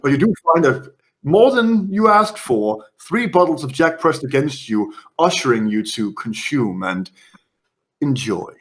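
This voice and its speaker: A man's voice: medium pitch, sing-song, unhurried, a bit bright. A man narrating a tabletop role-playing game as game master, describing scenes playfully. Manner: descriptive, playful narration with brief character voices.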